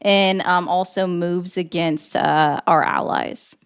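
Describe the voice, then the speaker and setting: A woman's voice: lowish voice, fairly even intonation, slow pace, smooth. A young woman hosting a political call-in debate, blunt and emphatic as she argues her points. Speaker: host.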